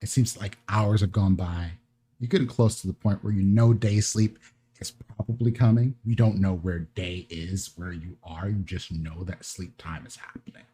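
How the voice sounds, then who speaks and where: A man narrating as game master in a relaxed, rambling way with many fillers. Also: low-pitched, normal speed.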